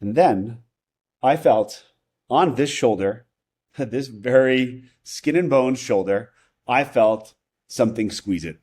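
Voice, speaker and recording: A man with a voice of ordinary pitch tells a personal story in relaxed podcast chat. He rambles, trips over his own restarts and keeps checking in with "right?" as he goes. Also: slow, husky. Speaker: podcast guest, investor. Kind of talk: casual conversational storytelling.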